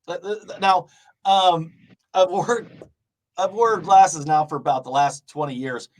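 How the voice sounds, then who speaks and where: A man's voice: high-pitched, unhurried, slight background noise. A middle-aged man from Illinois hosting a casual interview, rambling through stories, laughing often and swearing freely. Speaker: show host.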